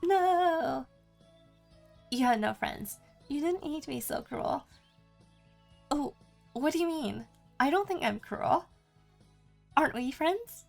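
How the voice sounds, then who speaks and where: Gravelly-voiced lady streamer, casual gaming chat, slow and easy. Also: high voice, lively intonation, faint music behind. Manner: chatty, reads chat aloud, lists options.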